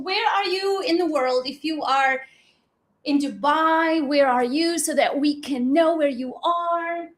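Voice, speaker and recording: A woman's voice: sits high, measured pace. A woman hosting a live online class from home, chatting casually with viewers and swearing now and then. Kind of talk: casual live-stream chat. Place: home, in Dubai. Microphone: desk mic, sometimes moving away from it.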